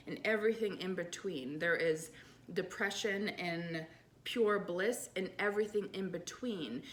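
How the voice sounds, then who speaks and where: Woman host, 30s, casual upbeat motivational monologue, mid-pitched voice, chatty and earnest. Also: a bit bright. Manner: chatty, earnest, upbeat, with quoted self-talk asides. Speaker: podcast host, life coach.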